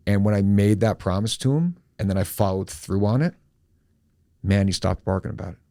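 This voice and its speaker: A middle-aged man tells a personal story on a podcast, candid and animated, with his pace lurching between slow and quick. His voice sits fairly low, and the close mic gives a dry sound with no room around it. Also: dry recording. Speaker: podcast host.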